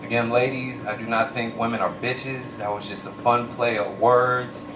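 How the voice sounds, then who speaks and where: A man's voice: medium pitch, normal speed, roomy sound, far from the mic, noisy background. A young man doing a stand-up comedy set, telling stories animatedly and slipping into voices. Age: young adult. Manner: animated storytelling with lots of voices and shouts.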